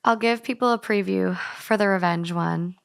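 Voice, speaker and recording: A woman's voice: mid-range voice, creaky, clean tone, dry recording. Woman co-host reading a story aloud. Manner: chatty, playful, reads in a brisk storytelling way. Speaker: podcast co-host.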